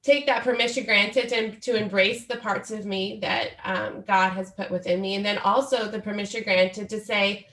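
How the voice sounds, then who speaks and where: A woman's voice: medium pitch, fairly even intonation, normal speed, few pauses, fairly bright tone. Earnest woman in her forties, roomy sound. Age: 40s. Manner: earnest, reflective storytelling. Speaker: guest author. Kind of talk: podcast interview conversation.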